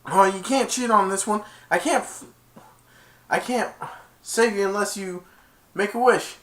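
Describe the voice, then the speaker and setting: A man retelling a cartoon, putting on the voice of a wisecracking male genie in a high, jumpy voice. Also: measured pace, fairly bright tone. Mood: excited.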